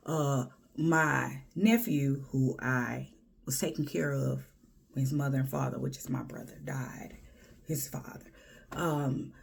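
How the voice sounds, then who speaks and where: A woman's voice: deep voice, gravelly, darkish tone, breathy edge. A woman from Houston, giving blunt, sassy advice in a casual monologue and often dropping to a whisper. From Houston, Texas. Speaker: vlogger.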